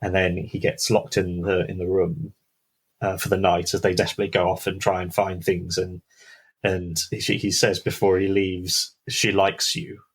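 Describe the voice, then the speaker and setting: Low husky man telling a ghost story. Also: little pitch movement, rough recording. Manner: dramatic pauses, hushed build-ups. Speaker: podcast co-host. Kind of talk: casual storytelling.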